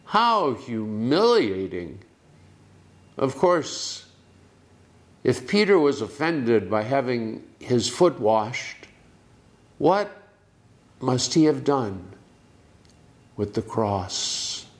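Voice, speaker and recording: A man preaching a sermon, with slow, deliberate delivery, dramatic pauses and emphatic words. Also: medium pitch, sing-song.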